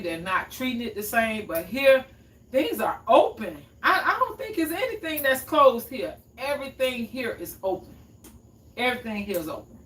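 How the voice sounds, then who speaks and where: A woman's voice: mid-range voice, a bit bright. A woman hosting a cooking livestream in a home kitchen, chatting casually and answering viewers' comments. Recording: echoey room, mic at a distance.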